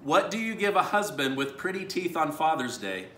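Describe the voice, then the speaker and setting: A man's voice: a little high, big pitch swings, normal speed, echoey room, very noisy. A man hosting a family video, reading dad jokes aloud and laughing at his own punchlines. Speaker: YouTube host reading viewer dad jokes. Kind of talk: casual family vlog.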